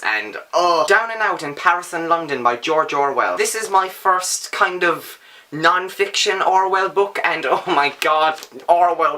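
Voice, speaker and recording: A young man standing at home, giving casual book reviews in an animated, sarcastic way with mock-outraged outbursts. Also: a little high.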